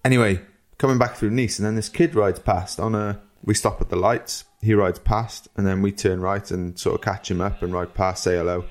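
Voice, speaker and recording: A Welsh man in his thirties, co-hosting a podcast and telling a rambling story in a casual, animated way, often acting out what people said. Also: lowish voice, normal speed. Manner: rambling, animated, quotes people in lively voices. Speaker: podcast co-host.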